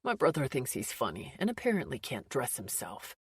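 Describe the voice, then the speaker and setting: A man's voice: medium pitch, wildly swooping pitch, a little fast, gravelly, husky, no room sound, clean studio sound, heavily acted. A woman voicing an exasperated teenage boy who grumbles his lines. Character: flustered teenage boy with glasses.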